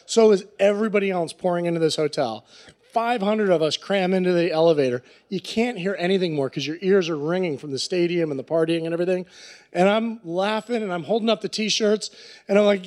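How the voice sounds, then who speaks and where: High-voiced profane male storyteller. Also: a little fast. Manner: animated, profane, acting out characters. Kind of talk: live comic storytelling.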